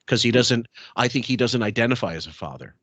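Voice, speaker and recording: A man's voice: mid-range voice, animated, quick pace, fairly bright tone, no echo. A man hosting a podcast in casual chat, rambling and swearing, with many fillers and restarts. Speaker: podcast host.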